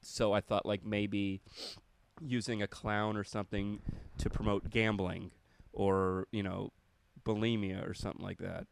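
A man's voice: on the low side, flat delivery, measured pace, gravelly, clean tone, dry recording. A man, a comedian and podcast host, talking casually in a profane, rambling way. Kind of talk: casual chat.

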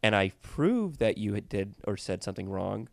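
A man's voice: fairly low pitch, very animated, normal speed, gravelly, no echo. A man co-hosting a casual comedy podcast, arguing playfully and explaining with analogies. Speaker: podcast co-host. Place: hotel room.

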